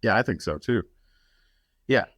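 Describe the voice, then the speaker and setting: Deep-voiced, blunt male podcast guest. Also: lively intonation, measured pace, fairly bright tone, breathy edge, no room sound, studio quality. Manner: blunt and frank, swears casually. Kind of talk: casual podcast conversation.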